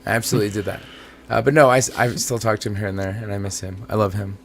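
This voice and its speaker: A man's voice: lowish voice, fairly even intonation, rapid-fire, gravelly. A man filling in as co-host on a casual podcast, chatty and teasing, laughing along with the host. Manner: chatty, teasing, easily amused. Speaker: guest co-host. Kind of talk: casual chat.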